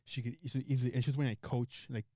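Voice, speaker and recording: A man's voice: mid-range voice, fairly even intonation, racing, mellow, no echo, studio quality. A man co-hosting a casual podcast, telling a rambling, profane story with many restarts. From Los Angeles area. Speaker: podcast co-host.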